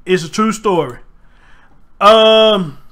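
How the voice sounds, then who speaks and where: A man's voice: high voice, slow, fairly bright tone. A man hosting a casual livestream, telling a story with energy and reading viewer comments aloud. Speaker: host.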